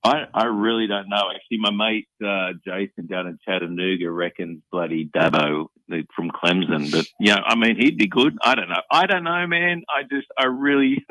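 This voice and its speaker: A man's voice: sits low, pushed and bright, no echo, poor audio. A man with an Australian accent, calling in to a sports talk radio show and chatting casually. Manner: laid-back, uses mate and bloody. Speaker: caller. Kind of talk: casual call-in chat.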